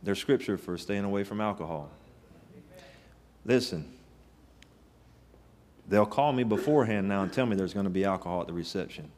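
A man's voice: lowish voice, normal speed, pauses often, darkish tone. A man preaching a sermon, telling stories in a folksy, emphatic way with rising bursts. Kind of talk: sermon with storytelling.

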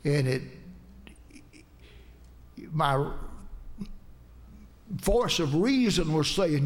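Male preacher, gravelly and a touch high; earnest sermon storytelling with emphatic climbs. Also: expressive, takes it slowly, long pauses. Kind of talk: sermon with personal testimony.

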